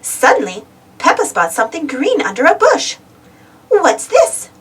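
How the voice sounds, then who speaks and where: A woman reading a children's picture book aloud in a slow, clear, expressive storytelling manner. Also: sits high, distant mic. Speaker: storybook reader.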